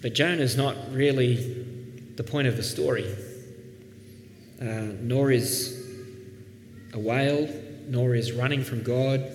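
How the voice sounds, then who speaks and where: A man's voice: mid-range voice, slow pace, long pauses. Preaching man in an echoey hall. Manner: earnest preaching, dropping soft then rising emphatic. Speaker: pastor. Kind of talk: sermon. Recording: echoey hall, faint background noise.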